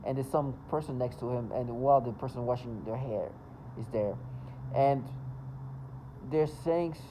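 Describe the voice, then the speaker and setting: A man's voice: mid-range voice, normal speed, warm tone, a little hiss or hum, poor audio. A man talking to camera in a casual, rambling monologue, agitated and full of stumbles and restarts. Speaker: vlogger.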